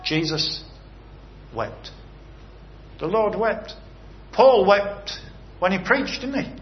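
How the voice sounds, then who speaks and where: A man's voice: high voice, lively intonation, takes it slowly. A man preaching an earnest sermon that moves into a closing prayer, stressing his points with rhetorical questions. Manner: earnest, rising and falling emphasis with rhetorical questions. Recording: slightly dull recording with faint background hiss.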